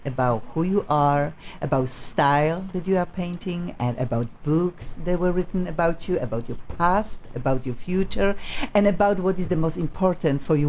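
A woman's voice: sits low, mellow, highs cut off, slight background noise. A woman from Poland with a Polish accent, hosting a live radio talk show in a gushing, effusive way. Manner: effusive, gushing, non-native grammar.

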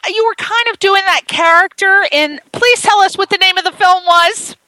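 A woman hosting an interview show, talking in a gushing, animated, exclamatory way. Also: very high voice, moderate pace, a little hiss or hum, rough recording. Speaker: host. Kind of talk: casual interview chat.

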